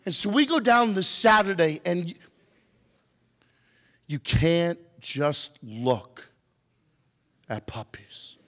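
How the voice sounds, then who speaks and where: Fairly high in pitch, a man takes his time and pauses at length while telling a humorous story as a motivational speaker. Animated and playful, he ribs members of the live audience, and the sound carries a long hall reverb.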